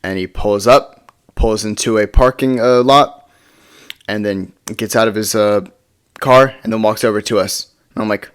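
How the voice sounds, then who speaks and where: In a casual vlog, a man with a fairly low, clear, resonant voice tells a story at a moderate pace. He rambles, trips over his words with repeated stammered restarts, and swears casually.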